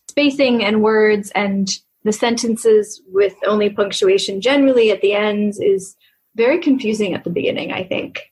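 Husky-voiced woman hosting an interview. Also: medium pitch. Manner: attentive, asks questions, frequent backchannels. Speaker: podcast host.

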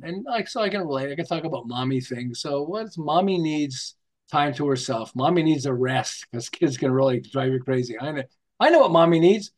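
On a storytelling interview show, an American marketing author with a voice on the high side tells his tales animatedly. He acts out quotes and scenes, jokes around, and rambles, restarting sentences as he goes.

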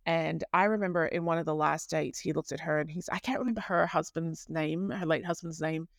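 A woman hosting a podcast in a chatty, animated monologue, often correcting herself mid-sentence. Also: low voice, fairly quick, no echo, clean studio sound. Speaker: podcast host.

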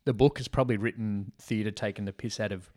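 A man's voice: on the low side, steady tone, a little fast, a little mellow. A man, co-hosting a casual film podcast, talkative and questioning, acting out quotes playfully. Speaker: podcast co-host. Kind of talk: casual film discussion chat.

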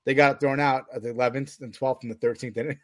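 A man's voice: medium pitch, steady tone, quick pace, no room sound. A New man co-hosting a podcast in casual sports banter, jokey and laughing often as he steers the talk. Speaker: podcast co-host.

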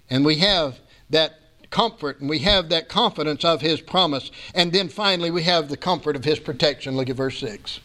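A man's voice: on the high side, normal speed, bright, forceful tone. A man preaching a sermon, folksy and emphatic, repeating key phrases and telling homespun stories. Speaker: pastor.

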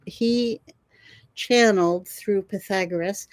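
An older woman, a herbalist guest, telling animated stories in a conversation and laughing often. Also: mid-range voice, slow pace, dry recording. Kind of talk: storytelling in a conversation.

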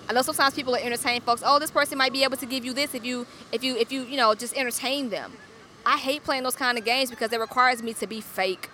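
Blunt Southern woman podcaster, bright voice. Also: fairly high pitch, a little hiss or hum. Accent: Southern US, Atlanta. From Atlanta, USA. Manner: candid, blunt, slangy, animated in stories. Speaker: podcast host. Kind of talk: casual storytelling monologue.

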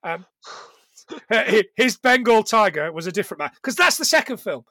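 A man's voice: high voice, sing-song, moderate pace, sharp tone, no room sound. A man co-hosting a podcast in a casual, rambling, joking chat. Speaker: podcast co-host.

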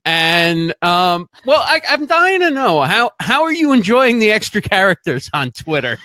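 Bright-voiced friendly male co-host. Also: high voice, big pitch swings, measured pace, dry recording. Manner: friendly, easy laughter, greets viewers by name. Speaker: co-host of a live video show. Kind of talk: casual live-stream chat.

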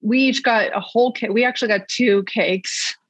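A woman co-hosting a podcast, chatting in an animated, self-mocking way with many restarts. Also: fairly high pitch, normal speed, husky, no room sound. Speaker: podcast co-host. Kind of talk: casual chat. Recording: dull, dry recording.

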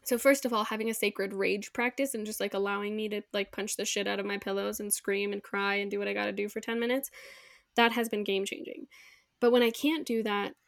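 A woman hosting a podcast in casual chat, candid and expressive, swearing freely and acting out her own inner voice. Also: mid-range voice, fairly quick, vocal fry, no echo, clean studio sound. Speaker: podcast host.

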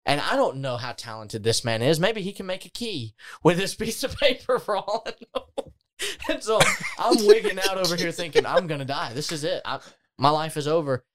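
A man telling a story in relaxed conversation, his pitch on the high side and swinging widely as he goes. He laughs often and keeps the tale lively. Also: normal speed. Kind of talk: casual chat.

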